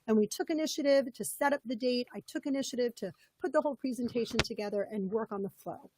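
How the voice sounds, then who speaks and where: A woman's voice: high-pitched, animated, quick pace, few pauses. A woman leading a live webinar as a coach, upbeat and conversational, her voice a little scratchy and froggy. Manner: upbeat, conversational, repeats key points.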